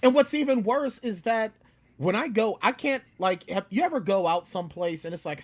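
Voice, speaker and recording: Animated man telling stories on a video call. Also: moderate pace. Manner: animated, acts out his own outbursts in a louder, higher voice. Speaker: guest author. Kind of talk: casual chat.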